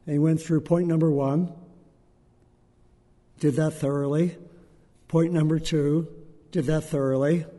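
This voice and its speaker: A man giving a gentle, unhurried dharma talk to a group as a meditation teacher, pausing often. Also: on the high side, long reverb tail. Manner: gentle, unhurried, with frequent pauses and fillers.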